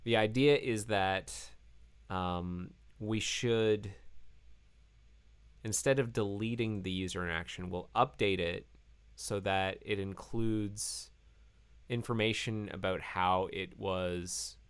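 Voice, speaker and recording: A man hosting a live coding stream, thinking aloud in halting phrases with many fillers and self-corrections, and saying he is losing his voice. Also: fairly low pitch, clean tone. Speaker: programmer live-coding host.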